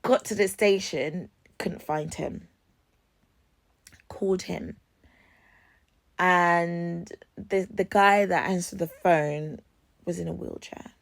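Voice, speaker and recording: A woman's voice: on the low side, takes it slowly, creaky, pauses often. A woman vlogger telling stories in a casual, dramatic way, acting out her own reactions and swearing freely. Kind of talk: casual storytelling.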